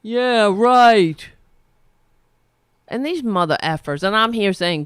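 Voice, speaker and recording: A woman's voice: medium pitch, expressive, slow, long pauses, smooth, no room sound. A middle-aged woman hosting a livestream of political commentary, ranting angrily and cursing often. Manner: angry, profane ranting.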